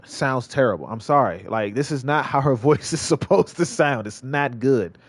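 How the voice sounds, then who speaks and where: A man's voice: medium pitch, animated, normal speed, no room sound. A male streamer giving casual gameplay commentary, rambling and repeating himself with many restarts. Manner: rambling, repetitive, lots of restarts.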